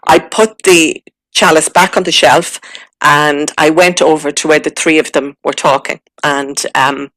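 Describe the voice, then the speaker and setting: Halting, emotional Irish woman, dry sound. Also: low voice, steady tone, a bit bright, no echo, rough recording. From Ireland. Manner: halting and emotional, many fillers and restarts. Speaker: guest recounting a spiritual experience. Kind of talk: personal testimony.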